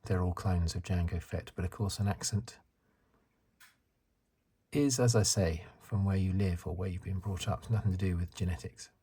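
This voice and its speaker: In a relaxed ASMR style, a soft-spoken man in his fifties from the UK rambles at a moderate pace, chuckling and correcting himself. His low, mellow voice is extremely smooth and resonant, fitting his role as an ASMR channel host.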